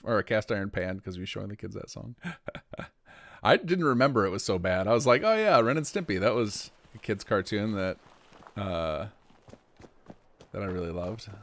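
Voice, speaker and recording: A man streaming and commenting on a game he helped mod, chatty and quick to laugh, with rambling asides. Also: on the low side.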